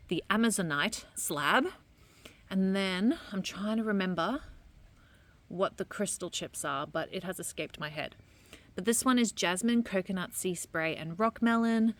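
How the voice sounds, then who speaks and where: A young adult woman, chatting casually through a product vlog about her candles and crystals, rambling and trailing off softly. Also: on the low side. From Australia.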